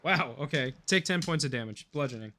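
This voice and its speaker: A man narrating as game master on a video call, easygoing and pausing to check details. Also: mid-range voice, lively intonation, very noisy. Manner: easygoing, pauses to check rules. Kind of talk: narrating a tabletop game online.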